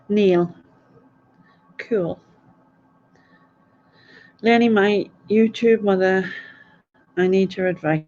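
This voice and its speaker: A woman's voice: medium pitch, steady tone, very slow, long pauses, a little mellow, soft background music. A woman hosts a casual quiz stream. She rambles through stories and laughs often. Her voice comes through dull, lo-fi audio. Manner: chatty, rambling, laughs a lot. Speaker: quiz host. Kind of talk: casual live stream chat.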